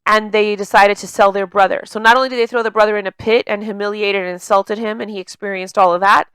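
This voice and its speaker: A woman speaks as a life coach in a loose, conversational way, full of "you know" and "like". She has a slight stutter and repeats words partway through a sentence. Her voice is smooth and resonant, recorded close with a dry sound. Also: medium pitch, fairly even intonation, fast talker, a bit bright, no room sound. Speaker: emotional intelligence coach. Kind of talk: casual coaching monologue.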